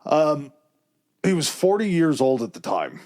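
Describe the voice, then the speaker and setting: A man's voice: fairly high pitch, huge pitch swings, a little slow, darkish tone. A man co-hosting a history podcast, telling it in a loose, conversational way with fillers and asides. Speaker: podcast co-host presenting the history. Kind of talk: casual history podcast chat.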